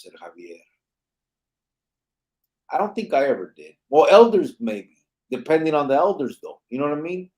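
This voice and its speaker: A man's voice: a little high, sing-song, normal speed, long pauses, a little mellow. A man hosting a podcast in casual chat, talking in a laid-back way and often adding "you know what I mean". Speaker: podcast host.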